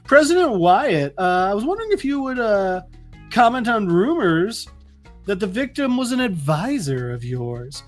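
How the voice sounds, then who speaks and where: A man's voice: high-pitched, very animated, moderate pace, soft background music, pitched above the performer's own voice. A man voicing an insistent female reporter asking questions at a press briefing. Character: pushy woman reporter at a press room.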